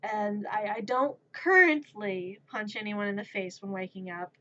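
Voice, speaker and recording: A woman's voice: medium pitch, measured pace, fairly bright tone, lo-fi sound. A woman streamer in a casual chat who rambles, mocks herself and laughs at herself. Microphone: streaming microphone.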